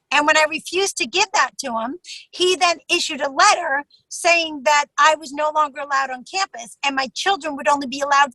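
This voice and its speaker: High, gravelly, intense woman guest. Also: bright, forceful tone, no room sound, poor audio. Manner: intense, quotes others in put-on voices. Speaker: interview guest. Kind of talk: emotional personal account.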